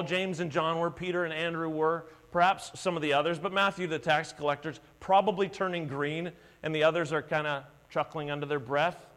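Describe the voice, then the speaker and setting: High-voiced man preaching in a hall. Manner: dramatic storytelling, acting out voices. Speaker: pastor. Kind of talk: sermon. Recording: echoey hall with mains hum.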